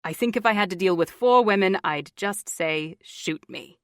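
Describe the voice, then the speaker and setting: A woman's voice: mid-range voice, moderate pace, no room sound, studio quality, natural voice. A woman voicing a tender, earnest young husband and father in an audiobook.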